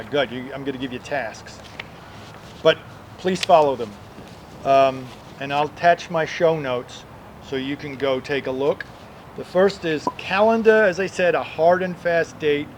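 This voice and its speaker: A man with a fairly high voice walks viewers through legal deadlines in a conversational, emphatic way, throwing in loud asides. Faint outdoor traffic hums under his voice. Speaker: debt defense lawyer. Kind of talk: explanatory legal advice video.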